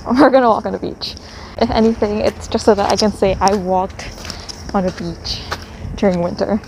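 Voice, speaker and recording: A woman's voice: medium pitch, moderate pace, a little mellow, slight background noise, rough recording. A young woman casually narrating a vlog as she walks around outdoors, chatty and self-deprecating, with lots of filler words. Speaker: vlogger. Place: outdoors and on transit around a city.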